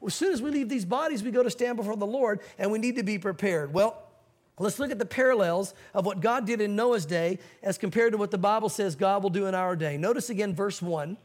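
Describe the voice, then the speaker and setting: A man's voice: high-pitched, a little fast. A male pastor preaching a sermon, telling a story with acted-out quotes and teaching from a Bible verse.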